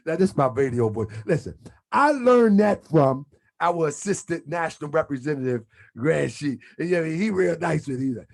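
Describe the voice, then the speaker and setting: Husky high-voiced man hosting a livestream. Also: lively intonation, moderate pace. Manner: loose slangy preacher-like address to "family". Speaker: online show host. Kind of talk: casual livestream talk.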